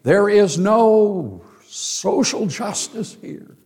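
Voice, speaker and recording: A man's voice: sits high, animated, extremely slow, a little mellow, big-room sound, voice pushed up, exaggerated voice. A man voicing an indignant male protester who is declaiming against the ruler. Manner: declaiming, raised and strident.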